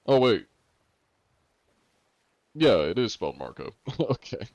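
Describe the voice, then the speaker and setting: A man's voice: mid-range voice, sing-song, slow pace, a little mellow. A man chatting casually on a live game stream, in a laid-back, joking way, reacting to chat, heard through dull lo-fi audio.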